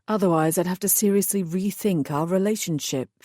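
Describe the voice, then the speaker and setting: A woman reading aloud voices a wry, flirtatious man, murmuring low and intimate. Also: fairly quick, dark tone, no echo, studio quality, close to an everyday voice. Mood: teasing. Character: wry, teasing adult man, a magical love interest.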